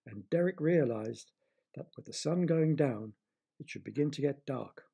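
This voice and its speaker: Gravelly man reading a children's story. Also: medium pitch, animated, moderate pace. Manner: gentle, chatty, talks directly to children. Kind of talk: bedtime story narration for children.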